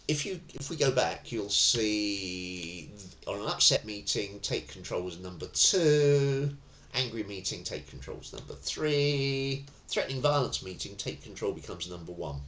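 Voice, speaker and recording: Low-voiced man teaching self-defence. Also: very animated, moderate pace, a bit bright, a little hiss or hum. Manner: conversational, anecdotal, acts out quoted phrases. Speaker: tai chi and self-defence instructor. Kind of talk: spoken lesson. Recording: roomy echo.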